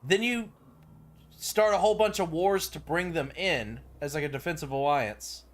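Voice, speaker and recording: Fairly high-pitched and moderately paced, a young man streams a strategy game, offering loose, profane commentary. He rambles a lot and leans heavily on filler words.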